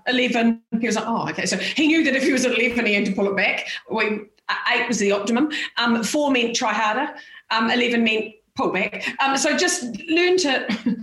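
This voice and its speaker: Blunt woman, roomy echo. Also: fairly high pitch. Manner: blunt, frank and animated, laughs often. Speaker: podcast guest. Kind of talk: casual chat.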